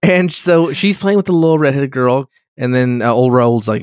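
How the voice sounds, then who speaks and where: A man's voice: mid-range voice, steady tone, normal speed, few pauses, a little mellow, no echo, studio quality. A man in casual podcast chat, swearing a lot and acting out characters in put-on voices as he recaps a show. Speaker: podcast co-host.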